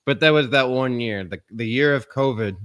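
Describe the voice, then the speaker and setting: A man in his thirties hosting a casual live stream, teasing and bantering quickly. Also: medium pitch, fairly bright tone. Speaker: streamer host. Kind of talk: casual joking chat.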